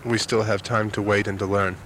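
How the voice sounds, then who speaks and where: A man calmly asking follow-up questions after hearing a story. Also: lowish voice, fairly quick. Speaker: interviewer.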